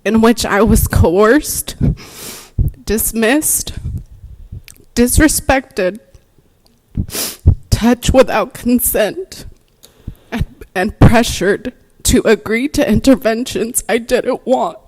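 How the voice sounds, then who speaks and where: A woman's voice: a little high, drawn-out words, pauses often, darkish tone, rough recording. A woman therapist giving earnest, emotional public comment at a board meeting, reading prepared remarks.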